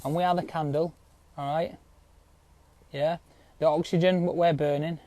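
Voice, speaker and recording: A man with speech talks in a rambling, insistent rant, packed with swearing and a habit of tagging "yeah?" onto his points. His voice sits a little high, yet it sounds dark and mellow. He addresses his viewers directly and casually. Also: steady tone, moderate pace, dry recording.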